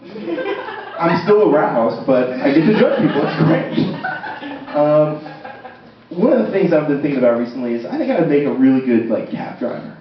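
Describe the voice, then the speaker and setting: A man's voice: on the high side, big pitch swings, moderate pace. A young man performing a stand-up comedy set on a university stage, self-deprecating and conversational, with frequent ums. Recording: roomy, distant, dull, audience laughter. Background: audience laughter.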